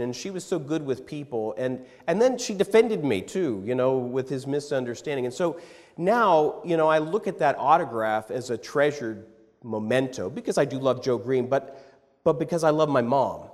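Male pastor, animated storyteller, mid-pitched voice, long church-hall echo. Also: moderate pace. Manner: animated storyteller who repeats words as he starts phrases. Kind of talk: sermon storytelling.

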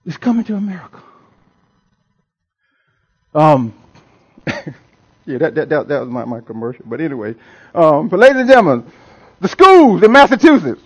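A man preaching from the pulpit in a high, sing-song voice that swoops all over. He leans hard on his words and says key phrases twice. He chuckles often as he talks to his congregation. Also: sing-song, normal speed. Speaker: pastor. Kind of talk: sermon.

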